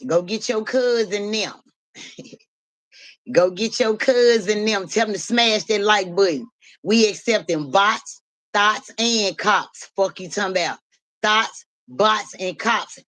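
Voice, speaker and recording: A woman's voice: mid-range voice, slow, fairly bright tone. A woman hosting a live stream in casual talk, repeating rhythmic, profane hype chants to her viewers.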